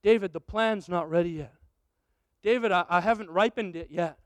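A man's voice: high-pitched, normal speed, no room sound, voice pushed down, close to an everyday voice. A man acting out God, who patiently and firmly tells David he is not ready yet.

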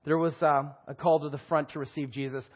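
A man in his forties tells his personal testimony in church, speaking in an emotional, animated way with laughter and swings in loudness. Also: a little high, a little fast, muffled recording. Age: 40s. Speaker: guest speaker giving testimony.

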